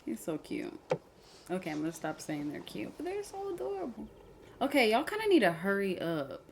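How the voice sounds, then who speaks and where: Expressive woman reacting to a movie. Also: mid-range voice, fairly quick, vocal fry, background noise. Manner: expressive, exclaims and talks at the screen. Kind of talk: casual reaction commentary.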